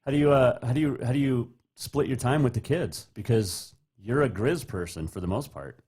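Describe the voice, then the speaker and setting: Husky-voiced radio host asking questions. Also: male voice, medium pitch, normal speed, a little mellow. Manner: casual, chatty questions with light laughs. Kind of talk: radio interview.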